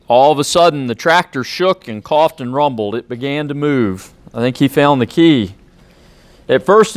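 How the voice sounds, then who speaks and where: A man's voice: medium pitch, no room sound. Friendly man reading a picture book. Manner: friendly, plain-spoken, chatty asides to kids. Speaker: police officer reading to children. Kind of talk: children's storybook read-aloud.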